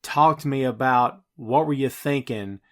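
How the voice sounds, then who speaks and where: A man's voice: medium pitch, a little slow, fairly bright tone. A man hosting a podcast and recapping a film scene by scene in casual, enthusiastic chat full of fillers. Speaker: podcast host.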